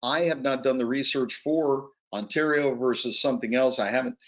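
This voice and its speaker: A man giving an energetic, urgent sales pitch as a guest presenter on a webinar over a video call. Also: normal speed. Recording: muffled lo-fi call audio.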